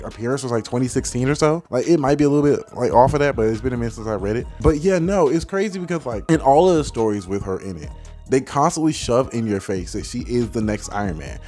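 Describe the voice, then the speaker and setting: A man's voice: medium pitch, darkish tone. A young man giving a heated, dismissive rant as a video commentator, packed with filler words and swearing. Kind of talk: casual ranting commentary.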